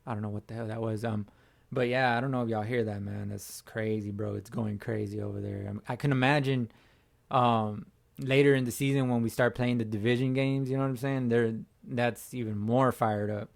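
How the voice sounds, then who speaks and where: A man hosting his own fan channel, hoarse from screaming, giving a slangy sports reaction chat as if talking to a buddy. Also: mid-range voice, fairly even intonation, a little fast. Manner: slangy, talks like chatting with a buddy. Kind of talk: casual sports reaction talk.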